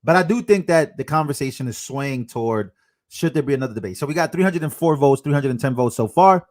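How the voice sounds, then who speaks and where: A man hosting a political livestream, casual and chatty with quick asides. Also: medium pitch, animated, a little mellow. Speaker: livestream host. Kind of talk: live commentary stream.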